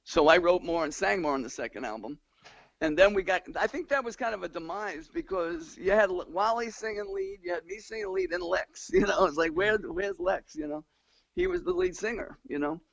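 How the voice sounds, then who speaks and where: Older Long Island musician, gravelly and animated, lo-fi dry recording. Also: male voice, high-pitched, fairly quick, no echo. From New York. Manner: animated, sings and hums tunes mid-story. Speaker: musician guest. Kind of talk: casual interview storytelling. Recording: dull lo-fi dry sound.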